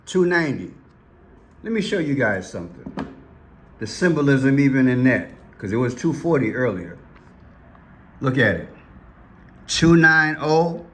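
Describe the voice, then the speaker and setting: A man hosting a casual commentary vlog, excitable and repetitive as he points things out on screen. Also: medium pitch. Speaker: vlog host.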